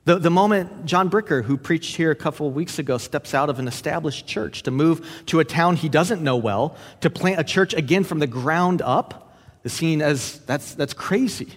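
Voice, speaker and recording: A man's voice: a little high, moderate pace. A man preaching a sermon as pastor, telling a story earnestly and often stumbling over and repeating his words. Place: church sanctuary. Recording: long church hall reverb.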